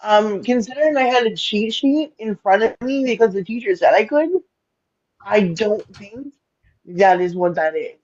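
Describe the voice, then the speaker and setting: A woman from Alberta, Canada, telling stories in casual podcast chat, blunt and animated, swearing freely. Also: mid-range voice, moderate pace. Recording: dull lo-fi sound.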